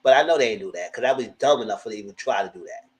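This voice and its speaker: A man giving blunt, profane live commentary on reality TV episodes, acting out cast members' lines in high voices. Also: animated, racing, roomy sound, low-quality recording. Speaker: reality TV reviewer. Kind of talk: live casual recap commentary.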